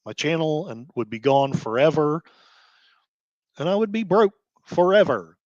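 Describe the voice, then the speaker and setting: A man on a dull, dry recording, delivering an emotional commentary rant. He swings between quiet, sighing stretches and quick, heated bursts. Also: fairly high pitch, very animated, dry recording. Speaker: blogger host.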